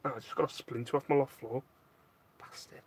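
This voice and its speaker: This man has a medium-pitched, steady voice and talks a little fast, with slight background noise in the audio. He's a live stream host relaxing in his home loft, reading out comments and fielding viewer questions in a jokey, self-mocking way.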